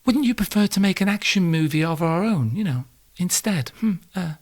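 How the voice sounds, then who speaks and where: A man voicing a coy, reluctant wife who answers in a soft, hushed way with hesitant, evasive replies. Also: sits high, lively intonation, moderate pace, pitched above the performer's own voice. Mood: coaxing.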